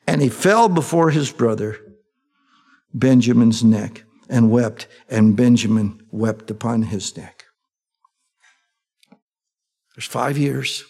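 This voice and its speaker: A male preacher giving a sermon. He reads scripture with rising excitement and adds folksy asides. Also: medium pitch, a little slow, breathy edge. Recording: long echoey hall reverb.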